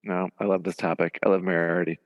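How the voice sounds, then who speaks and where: A man's voice: deep voice, level tone, fast, dry recording, in a large hall, lo-fi sound. A man co-hosting a podcast, tossing in short joking remarks during casual chat. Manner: joking interjections. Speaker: podcast co-host.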